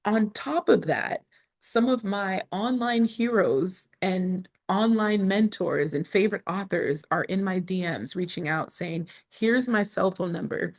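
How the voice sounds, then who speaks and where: Woman, lowish voice, casual interview storytelling, expressive, filler-heavy, sometimes near tears. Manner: expressive, frequent "like" fillers, rises sharply when excited. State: emotional, near tears at times. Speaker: entrepreneur guest.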